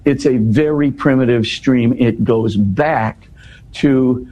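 A man giving an explanatory talk in an interview, teaching in an animated way and often checking in with "right?". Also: mid-range voice, slow, dull audio, slight background noise. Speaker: interview guest explaining scripture.

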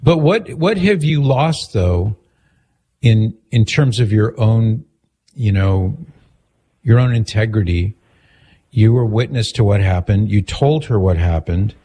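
A man hosting a radio call-in show, asking calm, measured questions and summing up what he hears. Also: lowish voice, husky. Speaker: radio host.

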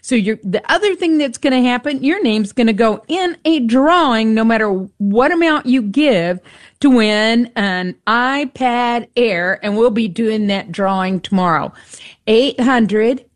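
A woman co-hosting a radio pledge drive, fervent and pressing, who fires off quick rhetorical questions and repeats the call-in number. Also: fairly high pitch, expressive. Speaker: radio co-host. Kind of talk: on-air pledge drive appeal. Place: radio studio.

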